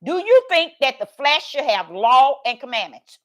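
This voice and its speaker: A high-voiced woman preaches over a livestream. She reads verses aloud and keeps asking her viewers to answer, in a call-and-response way. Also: very animated, normal speed. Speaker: online preacher. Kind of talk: livestream Bible teaching.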